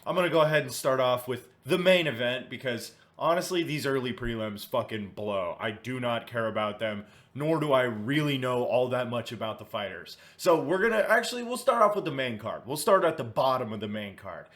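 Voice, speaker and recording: A man's voice: medium pitch, lively intonation, a little fast, hardly any pauses, fairly bright tone. A man hosting casual commentary, swearing freely and thinking aloud as he goes through results and picks. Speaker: host.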